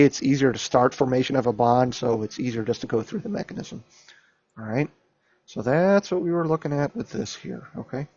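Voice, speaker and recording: A male instructor walks students through exam answers, stressing key ideas over and over and tagging lines with "okay?" and "right?". His voice sits at an ordinary pitch, recorded dry and close with no room sound. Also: no echo. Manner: emphatic, repeats key points with frequent "okay?" and "right?". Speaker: chemistry instructor. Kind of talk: lecture reviewing an exam.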